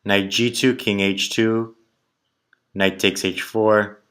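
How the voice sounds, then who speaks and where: A man's voice: on the low side, flat delivery, takes it slowly, a bit bright, clear, resonant tone. A man thinking aloud as he solves chess puzzles, muttering moves in short clipped phrases. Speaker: chess player solving tactics puzzles. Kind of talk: thinking aloud while calculating.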